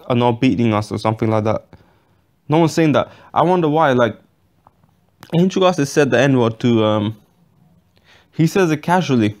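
Guy ranting casually on his boxing vlog, lots of um and like, blunt, swears a bit, mid pitch. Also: darkish tone. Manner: rambling, many fillers and restarts. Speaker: boxing vlogger.

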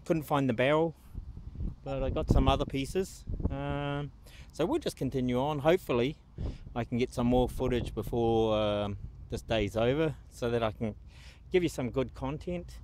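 A man's voice: mid-range voice, darkish tone. A man with a New Zealand accent, vlogging in a casual, jokey, upbeat way while metal detecting in a park. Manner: chatty, jokey, upbeat, self-mocking. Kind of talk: casual vlog talk to camera. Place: outdoors in a windy park. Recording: noisy outdoor wind.

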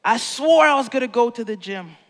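A man's voice: very high-pitched, animated, fairly quick, big-room sound. A man preaching a sermon as pastor, telling a story playfully and acting out the quotes.

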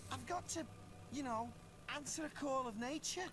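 A chummy village trader. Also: female voice, high-pitched, moderate pace, fairly bright tone. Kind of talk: video game voice acting. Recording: game audio with music.

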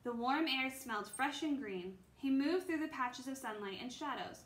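A woman reading a children's book aloud in a gentle storytelling manner, with a few small slips. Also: sits high, lively intonation, moderate pace. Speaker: reader. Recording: echoey room, faint noise.

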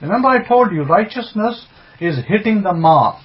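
A man's voice: sits high, animated, normal speed. A man teaching a Bible sermon, emphatic, with rhetorical questions and repeated phrases, greeting online listeners as he goes. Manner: greets online listeners by name mid-talk. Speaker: religious teacher. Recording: dull lo-fi sound.

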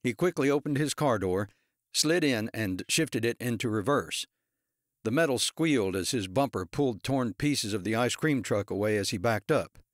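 Male audiobook narrator, even delivery, medium pitch, dry sound. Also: moderate pace, no room sound. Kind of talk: scripted narration.

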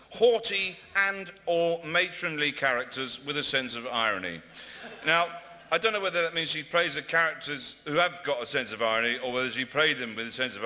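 A male comedian presenting an award at a ceremony in a large converted hall, delivering dry, deadpan, mock-pompous stand-up. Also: on the high side. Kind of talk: stand-up style presentation speech. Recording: reverberant hall with faint noise.

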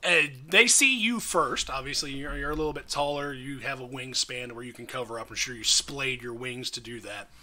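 A man running a tabletop game as dungeon master, narrating in a lively, animated way with many restarts. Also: medium pitch, moderate pace, few pauses. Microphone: podcast mic, slightly odd audio.

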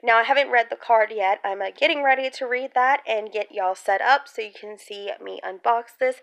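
A woman chatting casually while unboxing a gift on her bed, excitable and chatty with frequent squeals, filmed on a handheld phone. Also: fairly high pitch. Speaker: crafts vlogger. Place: bedroom at home. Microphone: handheld phone camera.

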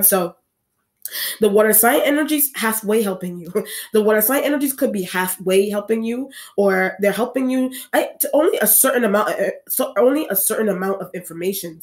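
A woman's voice: mid-range voice, a little fast. A woman reading tarot cards for an audience, talking in a rambling way with many restarts and repeated phrases. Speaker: tarot reader.

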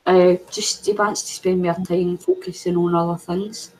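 Husky woman chatting on a call. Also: fairly low pitch, moderate pace, low-quality recording. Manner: relaxed, chatty, laughs at her own remarks. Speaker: friend on the call. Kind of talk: casual chat on a video call. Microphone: video call.

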